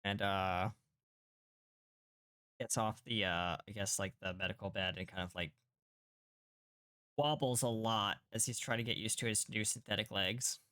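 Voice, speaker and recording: A man's voice: lowish voice, fairly even intonation, a little slow, long pauses, sharp tone, smooth, no echo. A man playing a tabletop game, casually describing his character's actions. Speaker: player.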